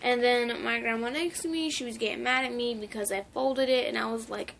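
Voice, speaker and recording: A woman's voice: fairly high pitch, fairly even intonation, brisk, gravelly, hardly any pauses, a bit bright, a little hiss or hum. A woman talking casually in a memorial vlog, rambling with lots of "like" and restarts. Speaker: vlogger.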